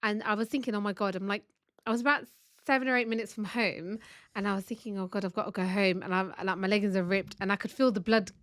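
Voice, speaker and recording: A woman co-hosting a podcast from home, telling stories in a chatty, animated way. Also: mid-range voice, quick pace, no echo. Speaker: podcast co-host. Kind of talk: casual chat. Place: family home.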